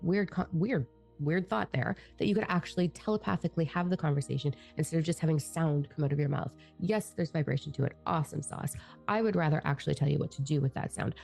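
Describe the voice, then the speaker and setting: A woman's voice: low voice, fast talker, creaky, dark tone, soft background music. A middle-aged woman, a spiritual teacher and channeler, talking in a blunt, profane, fired-up monologue.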